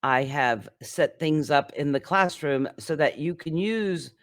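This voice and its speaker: A man's voice: fairly high pitch, a little slow, a bit bright, no room sound, studio quality. A man teaching an English grammar lesson, patiently explaining with many examples and occasional fillers.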